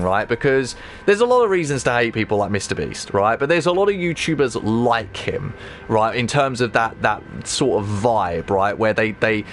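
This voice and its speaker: A man's voice: medium pitch, a bit bright, slight background noise. Rambling man chatting on a stream. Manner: rambling, many restarts and "right?" tags. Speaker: livestream host. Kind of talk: casual chat on a game stream.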